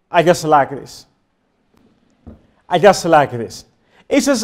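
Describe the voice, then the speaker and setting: Male preacher, high voice, swooping pitch, emphatic, repeats phrases, questions the congregation. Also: very animated, takes it slowly, long pauses. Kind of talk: sermon. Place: church before a congregation.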